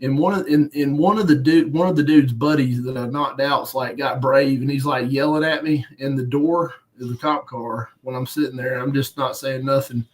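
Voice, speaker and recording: A man telling a rough story in casual chat, blunt and profane, laughing at himself. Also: medium pitch, fairly even intonation, normal speed, few pauses, poor audio. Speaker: podcast host. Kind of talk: casual storytelling on a live stream.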